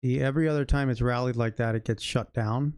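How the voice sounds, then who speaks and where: A man streams his trading day, thinking out loud and swearing to keep himself fired up. His voice is mellow and mid-pitched. It sits close and dry on the mic. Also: fairly even intonation, quick pace, smooth, dry recording. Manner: loose, swearing, talks to himself and chat. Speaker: day trader livestreaming. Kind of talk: live trading commentary.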